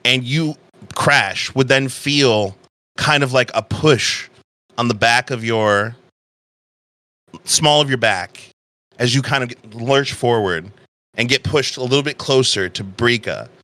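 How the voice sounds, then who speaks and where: Man game master, bright voice, slow dramatic narration, dry close mic. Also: mid-range voice, no room sound.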